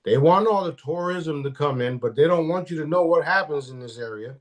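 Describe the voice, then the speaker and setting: A man's voice: on the high side, animated, a little fast. A man speaking as a guest in a casual live-stream interview, blunt and profane, often restarting his sentences.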